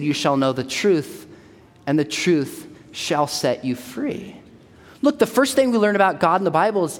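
A man delivering a sermon, telling jokes and stories with lively energy. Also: high-pitched. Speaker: speaker. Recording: long hall reverb.

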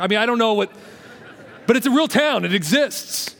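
A pastor preaching a sermon in a church, animated, calling on his congregation to answer and speak along, with joking asides. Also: extremely high pitch, moderate pace. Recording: long reverb of a large hall.

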